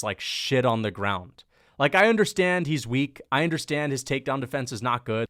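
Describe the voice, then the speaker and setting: A man's voice: medium pitch, a bit bright. A young man giving a casual, rambling monologue that breaks down upcoming fights, full of slang and "like" and "dude.". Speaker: MMA prediction YouTuber.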